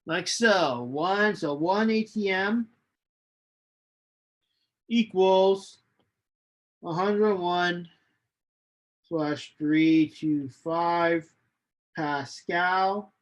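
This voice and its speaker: A male chemistry lecturer giving a recorded online lecture, unhurried and hesitant, with many ums and restarts. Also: high voice. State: losing his voice, coughing.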